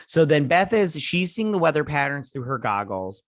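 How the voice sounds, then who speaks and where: A man's voice: on the high side, big pitch swings, normal speed, dry recording, studio quality. A man hosting a casual TV episode recap, rambling and paraphrasing scenes as he goes. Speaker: host.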